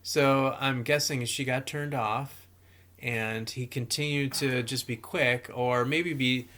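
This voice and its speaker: A man co-hosting an advice podcast, telling a dating story in a halting, hesitant way. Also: mid-range voice, steady tone, fairly bright tone. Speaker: podcast co-host. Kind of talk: casual frank chat.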